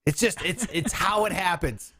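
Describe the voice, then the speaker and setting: A man hosting a podcast, riffing in casual comic chat, rambling and breaking into shouts for bits. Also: sits high, moderate pace. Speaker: podcast host.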